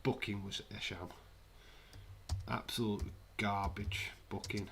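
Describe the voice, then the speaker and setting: A man's voice: on the low side, flat delivery, slow pace, a bit bright, slight background noise. A man hosting a live wrestling watch-along, chatting casually with sarcastic, rambling asides.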